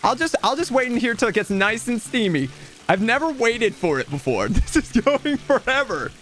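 A man's voice: very high-pitched, very animated, moderate pace, a bit bright, faint music behind. A young man from Canada giving playful, dramatic comedic commentary while playing a video game. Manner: playful, dramatic, jokey with frequent laughs. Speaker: gaming YouTuber.

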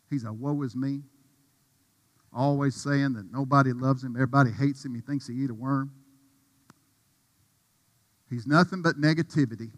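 A man preaching a sermon with passion, dropping to a hush and rising to a shout. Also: medium pitch, big-room sound. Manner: impassioned, swings from hushed to shouting. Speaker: pastor.

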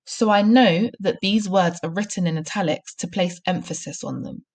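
Primary teacher, husky and lowish, clear and encouraging. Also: female voice, moderate pace, a little mellow. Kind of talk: recorded home-learning lesson and read-aloud.

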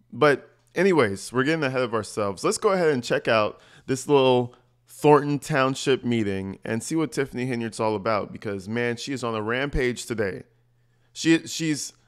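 Man, smooth clear voice, sarcastic casual commentary, crude mocking asides. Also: mid-range voice. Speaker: commentary vlogger. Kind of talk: casual commentary over clips.

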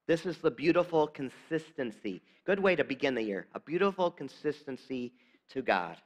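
A male pastor giving a sermon in a church, talking conversationally and dropping to soft, emphatic lines. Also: on the high side, animated, normal speed. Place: church sanctuary.

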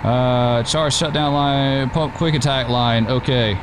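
A man's voice: medium pitch, fairly even intonation, takes it slowly, background noise. A man casually commenting while playing a driving and emergency game, chatty, laughing easily and talking back to the drivers on screen. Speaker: gameplay streamer.

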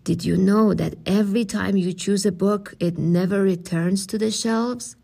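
Woman voicing patient older librarian, slow, soothing, lower and softer, audiobook reading. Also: steady tone, vocal fry, breathy edge. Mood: reassuring. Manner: slow, reassuring, explaining.

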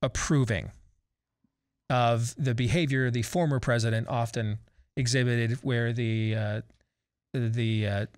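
A man hosting a political talk panel, sardonic and prone to halting restarts. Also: mid-range voice, fairly even intonation, a little mellow, dry recording, clean studio sound. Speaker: talk show host. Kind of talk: panel discussion.

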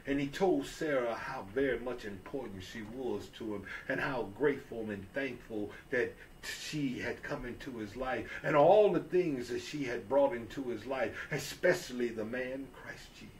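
A man's voice: mid-range voice, moderate pace, few pauses, far from the mic, slight background noise. A man telling a Christian story in a folksy, repetitive way, lifting his voice when he quotes people. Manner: folksy, repeats himself, raises his voice when quoting characters.

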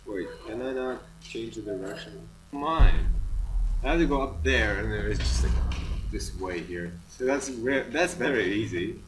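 A man giving excitable gameplay commentary, swearing often and yelling at enemies. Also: fairly low pitch, normal speed, recorded from a distance, a little hiss or hum, low-quality recording. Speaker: gaming channel host.

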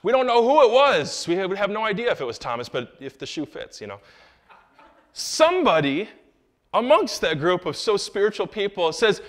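Animated man preaching a sermon. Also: moderate pace. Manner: animated, swings from low asides to loud raised lines; jokey asides to the congregation. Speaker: pastor.

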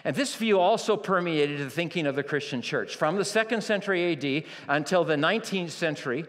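A man delivers a sermon with dramatic force, dropping to hushed near-whispers and then rising to full shouts. His voice sits a little high for a man, and he leans hard on repeated words. The sound carries the long reverb of a big church hall. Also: animated. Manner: slow, emphatic phrasing with repeated key words. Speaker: preacher. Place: church sanctuary.

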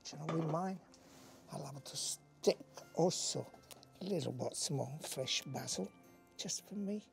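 A man's voice: on the high side, a little slow, creaky, faint music behind. A man with an Italian accent demonstrating a recipe as a chef, exuberant and exclaiming in broken English beside a wood-fired oven. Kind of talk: cooking demonstration.

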